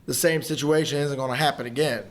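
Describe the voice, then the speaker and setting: A man's voice: mid-range voice, fairly even intonation, fast. A man co-hosting a casual movie review chat, blunt and opinionated, swearing casually as he tells stories. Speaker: podcast co-host.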